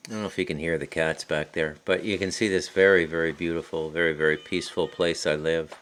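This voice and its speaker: A man's voice: deep voice, fairly even intonation, fast, a bit bright. A Canadian man with an Ottawa Valley accent, talking into his phone at his rural home and telling a story in a rambling, digressive way with many restarts. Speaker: podcast host and author. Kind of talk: casual storytelling monologue.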